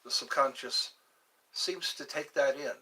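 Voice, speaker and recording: Hosting his own live stream, a man from Georgia, USA rambles from topic to topic and tries out foreign phrases. His medium-pitched voice sounds pushed and bright, he talks a little slowly, and the audio is poor.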